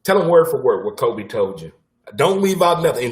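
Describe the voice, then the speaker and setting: Blunt, animated man hosting sports talk. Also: medium pitch, normal speed. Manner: animated, blunt, with casual swearing and repeated punchlines. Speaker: sports talk show host. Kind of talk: casual sports talk monologue.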